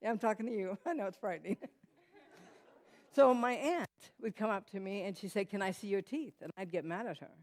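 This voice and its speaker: A woman's voice: mid-range voice, quick pace, few pauses, darkish tone. Woman sharing a testimony in church. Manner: conversational storytelling, many fillers and restarts, talks to audience. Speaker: guest speaker. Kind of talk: personal testimony to a church audience. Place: church hall.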